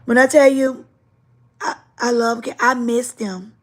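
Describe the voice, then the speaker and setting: In her casual livestream, a teacher and host speaks in a slightly high voice without hurrying. She tells her stories emphatically and with lots of repetition, keeping things animated.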